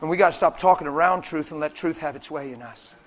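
A male preacher from Pennsylvania telling a story in a sermon. He moves from soft quoted dialogue to loud, animated exclamations. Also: on the high side, fast. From Pennsylvania, USA.

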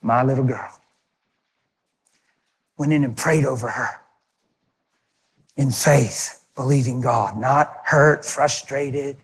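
A man preaching a sermon, telling a personal story and acting out the voices of people in it, shifting between forceful delivery and hushed tones. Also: mid-range voice, takes it slowly, pauses often, breathy edge, long reverb tail. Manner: acts out dialogue, swings from loud to hushed.

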